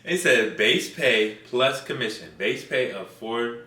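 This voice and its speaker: A man's voice: medium pitch, slow. A man chatting casually, animatedly retelling a conversation. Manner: animated storyteller, acting out others' words. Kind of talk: casual chat. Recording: echoey room, off-mic, faint noise.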